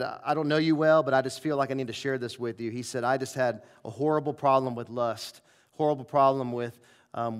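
A male preacher telling a personal story in a revival sermon, acting out the dialogue with lively shifts of voice. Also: mid-range voice, smooth. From southern United States.

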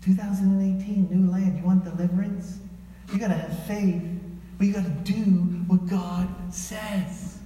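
A man preaching a sermon as pastor, animated, often acting out the voices of the people he quotes. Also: sits high, a little fast, a little hiss or hum. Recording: echoey hall from far off.

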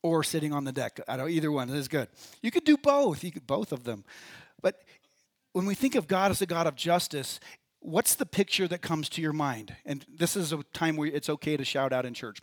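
A man's voice: on the high side, fairly quick, no echo. A man preaching a sermon in church as pastor, talking in a conversational way and putting questions to the congregation.

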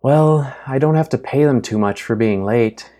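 A man voicing a stressed, determined young woman mechanic with a raised, strained pitch and urgent, breathless delivery. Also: moderate pace, warm tone, close to an everyday voice. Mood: tired relief. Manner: urgent and breathless under pressure.

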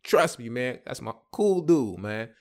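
A man voicing his loyal, easygoing male buddy, who talks in a slow, earnest and reassuring way. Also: mid-range voice, big pitch swings, pitched above the performer's own voice.

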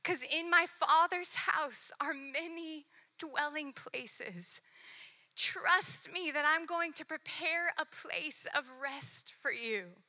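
Woman, sermon, earnest, intimate, very bright tone, leisurely pace. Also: high voice, expressive, slow. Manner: earnest, intimate, dropping to soft near-whispers when reading scripture. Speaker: preacher.

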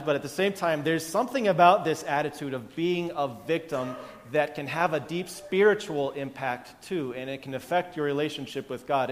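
A man's voice: a little high, long reverb tail, slight background noise. A male pastor giving a conversational sermon, often restarting his sentences and chuckling. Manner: conversational, self-interrupting, chuckling.

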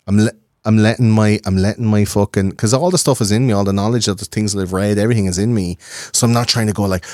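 A man in his thirties, a podcast guest, talking in a rambling, profane, animated way. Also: fairly low pitch, fast, dry recording, clean studio sound. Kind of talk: casual conversation.

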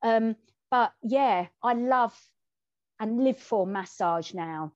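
A woman co-hosting a conversational podcast, telling a personal story in a candid, lively way and acting out the lines she quotes. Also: fairly high pitch, takes it slowly, dry recording. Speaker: podcast co-host. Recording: dull, dry and muffled.

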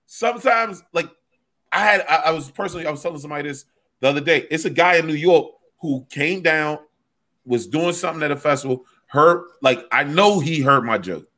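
Bright-voiced comic telling stories. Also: male voice, fairly high pitch, a little fast. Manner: animated storyteller, swears freely, acts out quotes. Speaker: stand-up comic. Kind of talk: casual podcast chat.

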